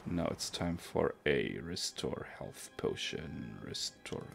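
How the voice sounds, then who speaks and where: Man, gaming commentary, very low gravelly voice, game music underneath. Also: expressive, slow. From Germany. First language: German. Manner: thinking aloud, self-correcting. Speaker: let's play streamer. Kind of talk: casual gameplay commentary.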